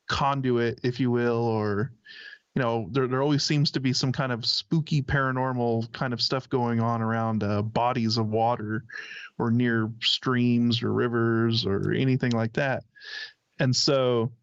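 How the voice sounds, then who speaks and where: A man's voice: mid-range voice, steady tone, unhurried, smooth, dry recording. Man, rambling co-host, hedging speculative chat, slightly muffled dry line. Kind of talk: casual radio-show chat.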